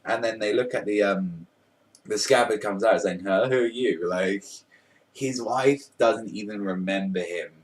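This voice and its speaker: A man's voice: lowish voice, measured pace, recorded from a distance. A young man casually reviewing a manga chapter, rambling and amused, with lots of fillers.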